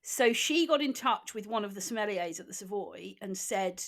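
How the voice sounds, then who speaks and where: A woman in her forties co-hosting a podcast in casual chat, teasing and quick to laugh. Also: mid-range voice, expressive. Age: 40s. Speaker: podcast co-host.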